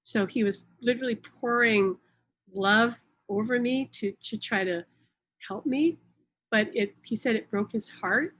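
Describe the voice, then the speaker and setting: Middle-aged woman, mid-pitched, earnest live-stream host, casual and repetitive. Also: slight background noise, rough recording. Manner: earnest, repeats words while relaying messages. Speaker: psychic channel hosting a live stream. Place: room indoors at home.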